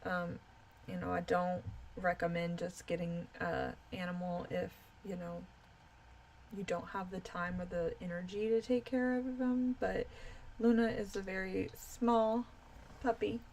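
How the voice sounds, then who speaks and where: Tired woman streamer chatting at home, creaky voice, meandering and full of ums. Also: on the low side, fairly even intonation, a little slow, a little mellow, slight background noise. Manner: rambling, with frequent fillers. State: tired, yawning. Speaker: live streamer. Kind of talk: casual live stream chat.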